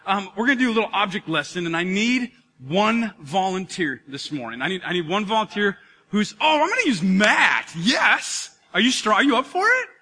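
A man's voice: sits high, normal speed, breathy edge, long reverb tail. A man preaching a sermon as pastor, talking in a casual, joking way with his congregation. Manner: energetic, conversational, joking with the congregation. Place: church auditorium.

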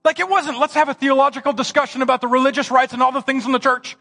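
A man's voice: extremely high pitch, steady tone, quick pace, sharp tone, soft background music. A male pastor preaching a sermon, acting out the scene with playful slang. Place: church hall.

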